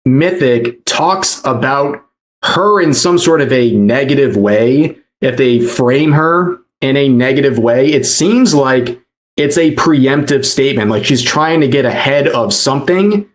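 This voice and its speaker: A man narrating online drama commentary in a measured, explanatory way, often repeating his key points. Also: mid-range voice, lively intonation.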